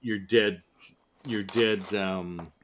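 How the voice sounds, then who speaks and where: A man's voice: deep voice, steady tone, drawn-out words, slight background noise. A man co-hosting a podcast in casual chat, blunt and playful, swearing freely. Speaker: podcast co-host.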